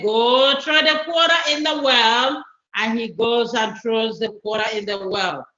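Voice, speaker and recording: A woman's voice: on the high side, bright, forceful tone. A woman telling a children's story at a church service, speaking expressively and addressing the children directly. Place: church sanctuary. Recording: echoey church hall, dull sound.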